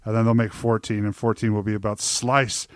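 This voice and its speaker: A man's voice: lowish voice, little pitch movement, fairly quick, no echo, studio quality. A man co-hosting a casual film podcast, riffing on jokes with lots of "like" and "um". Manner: jokey, riffing, heavy on fillers like "like" and "um". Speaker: podcast co-host. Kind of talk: casual movie review chat.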